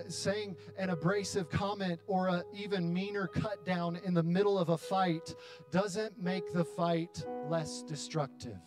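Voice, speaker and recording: A man in his thirties preaching a sermon to his church, building to loud, dramatic appeals with long pauses. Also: high voice. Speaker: pastor. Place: church hall.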